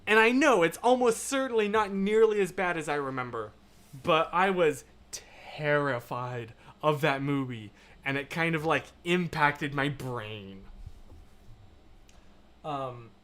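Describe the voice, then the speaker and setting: A man hosting a livestream, chatting casually and reading viewer comments, rambling and animated, swinging between loud and hushed. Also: a little high, measured pace. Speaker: livestream host.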